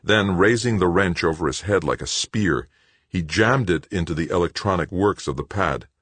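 Husky deep-voiced male audiobook narrator. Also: dry recording. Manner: steady, measured storytelling.

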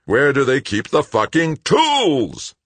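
A man voicing a manic, vengeful male saboteur who shouts, roars and gloats. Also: sits low, sing-song, brisk, breathy edge, dry recording, exaggerated voice.

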